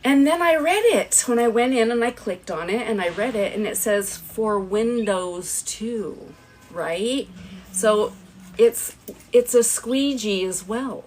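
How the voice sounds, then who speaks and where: A woman's voice: fairly high pitch, expressive, takes it slowly, darkish tone, a little hiss or hum, low-quality recording. A woman rambling through a casual live product showcase, with a stern, firm voice and a habit of asking "right?" after each point. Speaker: TikTok live seller. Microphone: phone livestream.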